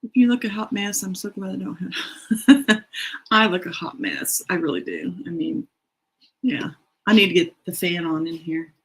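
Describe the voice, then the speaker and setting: A middle-aged woman hosts a writing sprint stream from her home, rambling casually and tossing in self-deprecating asides as she reads out comments. Her lowish voice is animated and breathy, moving at a moderate pace with frequent pauses. The recording is rough.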